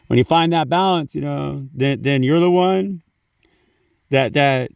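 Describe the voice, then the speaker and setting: High gravelly man in a rambling spiritual vlog. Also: a little slow, no room sound, far from the mic. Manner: rambling, swears, says "you know" often. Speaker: spiritual vlogger. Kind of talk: casual spiritual talk. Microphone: phone.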